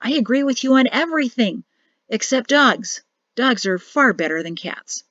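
A woman's voice: fairly high pitch, expressive, moderate pace, a bit bright, no room sound, muffled recording. A woman reading the part of an earnest, flustered young man declaring his feelings. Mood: pleading.

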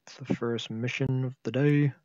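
A man's voice: medium pitch, fairly even intonation, moderate pace, darkish tone, dry recording, highs cut off. A tired man casually commentating a flight sim game he is playing, thinking aloud and humming to himself. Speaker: gameplay video host.

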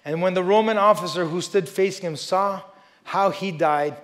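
A pastor preaching a sermon and reading scripture aloud, emphatic, moving between loud stresses and quiet asides, with conversational "you know" remarks. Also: male voice, high-pitched, moderate pace. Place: church service before a congregation.

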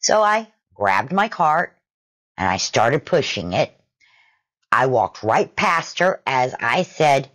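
A woman telling a retail story in an animated, conversational way. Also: low voice, slow.

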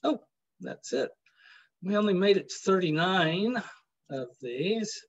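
Husky-voiced man lecturing a class. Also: sits high, animated, slow, dull audio. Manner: chatty, jokey, many fillers. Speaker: professor. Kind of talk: university lecture.

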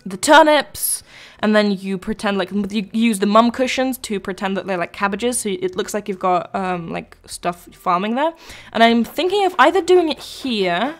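A woman's voice: medium pitch, lively intonation, normal speed, soft background music. A young woman chatting casually while live-streaming a video game, rambling between thoughts and answering her chat.

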